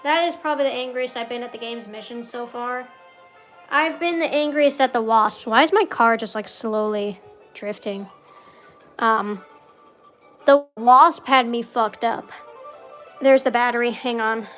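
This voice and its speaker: A woman's voice: a little high, measured pace, pauses often, soft background music. A young woman streaming a video game, chatting casually, swearing and ranting when she fails. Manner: muttering quietly to herself. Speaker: gaming streamer. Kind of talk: casual gameplay commentary.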